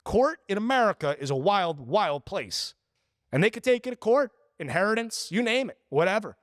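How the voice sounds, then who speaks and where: On a clean, echo-free studio recording, a twenty-something man hosts a podcast and rants casually with plenty of profanity. Speaking at normal speed in a high voice, he brings his stories to life by performing quoted bits in exaggerated voices.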